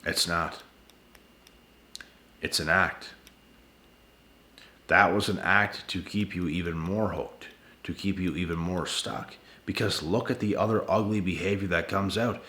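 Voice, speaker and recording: Blunt male vlogger, tired late-night delivery, deep voice, echoey home room. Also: measured pace, pauses often, sharp tone. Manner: blunt, repetitive, addresses viewers as guys and bro. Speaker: channel host giving relationship advice. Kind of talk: casual vlog monologue. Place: at home indoors.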